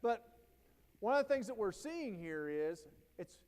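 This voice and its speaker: A man's voice: high-pitched, big pitch swings, unhurried, a little mellow, big-room sound. A man giving a conversational, anecdote-driven talk at a teacher training day. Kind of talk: storytelling professional development talk. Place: school auditorium or hall.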